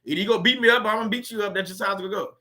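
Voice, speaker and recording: Man, high voice, sharp and forceful, preachy motivational monologue. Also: racing. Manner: emphatic, repetitive, with rhetorical questions. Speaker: faith-based video host.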